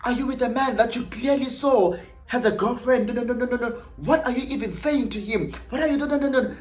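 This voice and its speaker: A man voicing a jealous, hurt young woman, shouting high and shrill at her boyfriend. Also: expressive, normal speed, reverberant, faint music behind. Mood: indignant.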